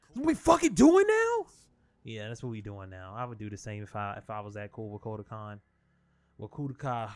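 A young man commentating his own fighting-game match, swearing a lot and talking to his opponent and viewers, easily worked up. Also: medium pitch. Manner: profane, excitable, talks to his opponent and viewers. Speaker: gaming channel host. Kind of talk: live gameplay commentary.

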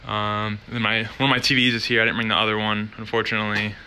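Young man, student vlogger, casual rambling dorm tour, bright tone, low pitch, handheld camera, small room. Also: little pitch movement, fast talker, a little hiss or hum. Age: young adult. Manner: rambling, filler-heavy, wanders off topic.

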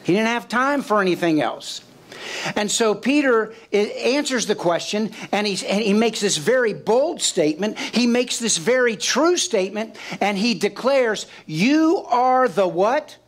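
A man's voice: sits high, lively intonation. A male pastor preaching a sermon, emphatic, asking the congregation questions and acting out the voices of biblical figures. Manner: slow, emphatic preaching with call-and-response questions.

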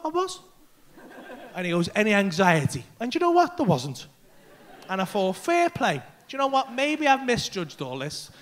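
Man, stand-up comedian, sweary animated storytelling, high-pitched, bright, comedy club stage. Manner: animated, swearing, acts out voices and panic. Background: audience laughter.

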